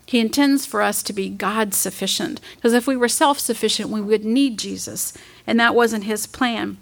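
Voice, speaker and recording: Earnest woman preaching, slightly high voice. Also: steady tone, creaky. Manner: earnest, reads scripture aloud with slow emphasis. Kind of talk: sermon.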